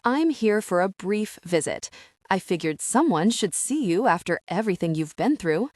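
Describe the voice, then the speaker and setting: A woman voicing a smug, scheming woman who speaks slowly and mockingly in an audiobook. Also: medium pitch, lively intonation, a little mellow, no room sound, clean studio sound, natural voice. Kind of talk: audiobook narration.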